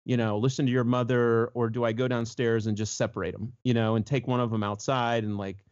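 Brief: male co-host, casual storyteller, animated, slips into quoted voices, slightly dull lo-fi sound. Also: on the low side, fairly quick. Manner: animated, jumps into voices when quoting others.

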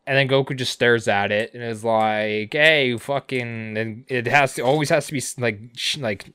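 A man co-hosting a podcast, recapping episodes casually with sarcasm, swearing and quick character impressions. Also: mid-range voice, fairly bright tone, dry recording. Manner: sarcastic, swears a lot, acts out characters' lines. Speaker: podcast co-host.

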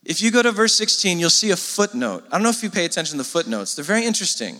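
A man's voice: high voice, sing-song, very fast, bright, forceful tone. A man preaching a sermon to a congregation, talking to them in a casual way with frequent asides. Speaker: pastor. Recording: long hall reverb.

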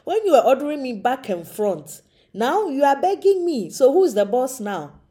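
Figure: God, male, smug and bossy, put on by a woman. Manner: teasing, triumphant, with a raised, louder voice. Tone: warm. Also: high voice, sing-song, moderate pace, voice pushed up. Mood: gloating.

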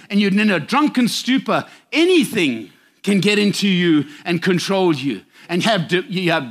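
A man with a notably high voice preaches with emphatic, direct warnings to his congregation. He is middle-aged and from South Africa, and he delivers his sermon in a plain, urgent way. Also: a bit bright.

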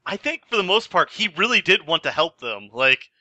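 A man's voice: high-pitched, very animated, normal speed, bright, forceful tone, no room sound. A man co-hosting a casual movie podcast, blunt and profane. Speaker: podcast co-host.

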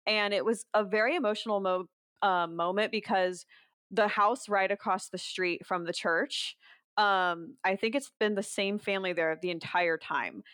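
A woman on a podcast tells a personal story in casual chat, candid and unguarded, with plenty of "like"s and the odd curse. Her voice sits at a middle pitch and comes through smooth and clear. The recording is dry and close. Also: fairly even intonation, moderate pace, fairly bright tone, no echo. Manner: candid, swears freely, many filler "like"s. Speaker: podcast guest.

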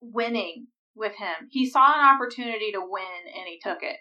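A woman's voice: medium pitch, expressive, normal speed, bright, forceful tone, distant mic, highs cut off. A woman co-hosting a podcast in casual chat, frank and opinionated, laughing as she quotes scenes. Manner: frank, opinionated, blunt wording, laughs while quoting. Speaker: podcast co-host.

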